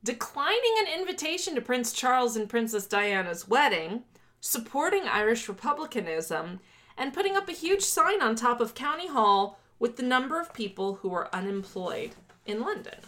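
A woman's voice: fairly high pitch, sing-song, normal speed, bright, forceful tone. A woman co-hosting a casual history podcast, talking in a chatty, sarcastic way. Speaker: podcast co-host.

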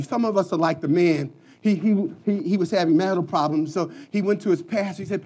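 High-voiced, impassioned male preacher. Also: fairly quick. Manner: impassioned preaching with repetitions and sudden loud peaks. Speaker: pastor. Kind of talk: sermon.

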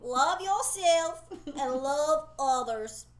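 A woman's voice: high voice, lively intonation, drawn-out words, echoey room, exaggerated voice. A woman putting on a mock American accent to give life advice, giggling and preachy. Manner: giggly, preachy, breaking into laughter.

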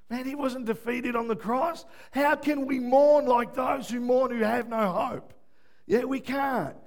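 A preacher with a high-pitched voice delivers a sermon. He drops to a near-murmur, then climbs to full shouts, and often stops to ask the congregation "yeah?". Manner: swings from hushed to shouting, asks "yeah?". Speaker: pastor.

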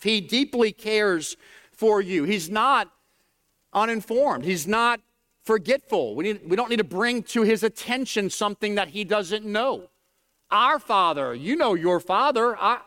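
A man preaching with a high, smooth voice. He reads scripture aloud and swings between soaring emphasis and quieter stretches. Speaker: pastor. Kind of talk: sermon.

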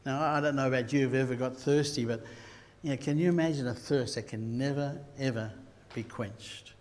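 An Australian man preaching a sermon, telling stories and rising to loud bursts. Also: medium pitch, a little fast. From Queensland, Australia. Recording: long hall reverb.

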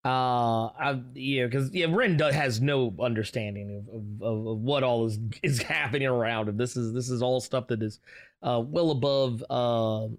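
A man's voice: mid-range voice, normal speed, dry recording. Unsure guy player stumbling over his words, dry mic. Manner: hesitant, many restarts. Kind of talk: casual chat in a tabletop game.

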